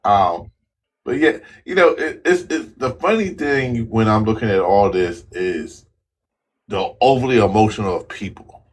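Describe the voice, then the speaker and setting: A man's voice: fairly low pitch, lively intonation, a little slow, slightly rough. A man joining a live-stream panel as a guest, speaking in a laid-back, casual way.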